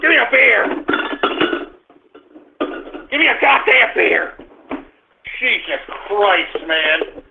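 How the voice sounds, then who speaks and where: A man's voice: high voice, big pitch swings, slow, creaky, pauses often, noisy background. A male talk radio host, exasperated and swearing, rambling with restarts through a live on-air rant from his office. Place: home office. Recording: tinny phone-like radio stream.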